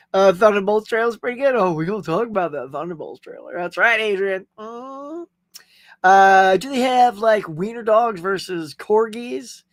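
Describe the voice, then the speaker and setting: A man's voice: sits high, no echo, clean studio sound. A middle-aged man with a Southern US accent, casually hosting a live stream, chatting, laughing often and greeting viewers by name. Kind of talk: casual live chat reading comments.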